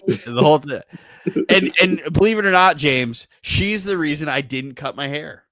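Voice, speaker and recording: A man, co-hosting a podcast, telling animated stories full of swearing and laughter. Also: fairly high pitch, normal speed, dry recording. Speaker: podcast co-host. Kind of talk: casual chat.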